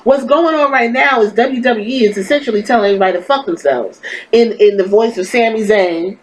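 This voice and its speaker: A woman's voice: a little high, fairly quick, rough recording. A woman hosting a podcast, delivering blunt, profane and exasperated commentary on wrestling. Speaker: podcast host.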